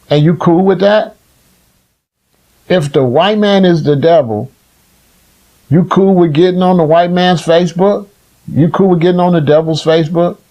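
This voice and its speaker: A man, a community elder delivering a blunt, profane, lecturing rant full of repeated rhetorical questions. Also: a little high. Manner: repetitive rhetorical questions, rising to near-shouts. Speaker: community elder speaking on a livestream. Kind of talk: impassioned preaching rant.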